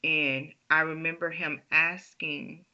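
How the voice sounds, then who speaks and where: A woman telling a personal story in a halting way, often restarting her sentences, on a dull lo-fi recording. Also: sits low, flat delivery, sharp tone.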